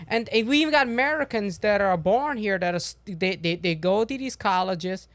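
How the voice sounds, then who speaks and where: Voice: medium pitch, normal speed, fairly bright tone, dry recording. A co-host in casual political talk who agrees a lot and grows impassioned when he makes his own points. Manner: agreeable, lots of back-channel, impassioned when he speaks up.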